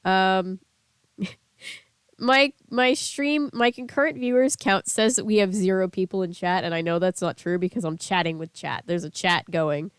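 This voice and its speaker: A woman's voice: medium pitch, moderate pace, clean tone, no room sound, clean studio sound. A young woman streamer chatting casually with her viewers, sounding a little sick with a lingering cough and laughing often. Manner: chatty, laughs often, reads chat aloud. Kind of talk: casual live-stream chat.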